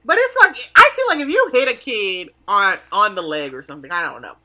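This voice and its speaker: Very bright-voiced woman chatting wryly. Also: medium pitch, very animated, fairly quick. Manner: wry, joking, quotes her mom. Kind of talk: casual chat.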